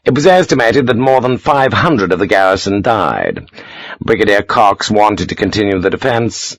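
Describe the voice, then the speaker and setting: A man narrating an audiobook in an expressive, animated way. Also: on the low side, no echo.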